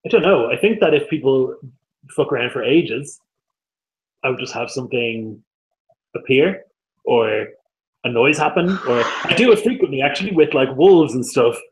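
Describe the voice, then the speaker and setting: A man's voice: mid-range voice, animated, normal speed, a little hiss or hum, poor audio. A man co-hosting a casual live-stream chat, laid-back, laughing often and swearing casually. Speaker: co-host.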